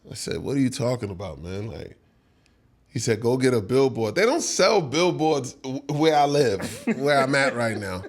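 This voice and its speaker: A middle-aged man tells a story in a casual interview. His pitch sits in the middle range, and he laughs often and acts out what other people said. He talks loose and easy, like he is reliving the moment. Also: sing-song, normal speed. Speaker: songwriter guest.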